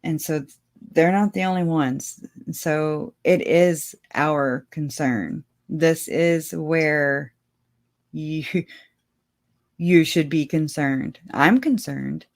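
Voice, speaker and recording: Slow, rambling woman livestream host. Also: sits low. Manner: rambling and chatty, often laughing; speaks to viewers directly. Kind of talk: casual livestream chat.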